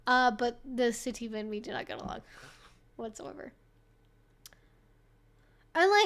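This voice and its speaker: Talking to her stream audience, a woman with a high, slightly bright voice answers their questions in a chatty, easygoing manner. She's animated but measured, pausing often, swearing freely, using "like" frequently, and laughing easily along the way.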